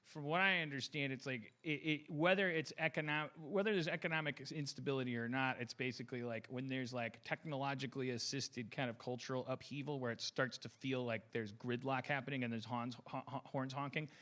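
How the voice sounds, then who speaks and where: A man's voice: mid-range voice, fairly even intonation, fairly quick, hardly any pauses, bright, forceful tone. A man in his forties hosting a podcast, rambling and stammering through a heated, profane rant. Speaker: podcast host.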